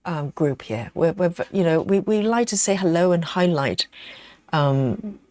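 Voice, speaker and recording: A woman hosting a relaxed live stream from home, chatting with viewers and reading their comments aloud, with plenty of ums and you-knows. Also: fairly low pitch, measured pace, dry recording. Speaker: livestream host. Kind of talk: casual live chat while stitching.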